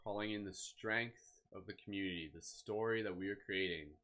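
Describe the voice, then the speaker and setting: A man leading a live guided meditation, speaking slowly and soothingly with gentle encouragement. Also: lowish voice. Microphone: live stream microphone.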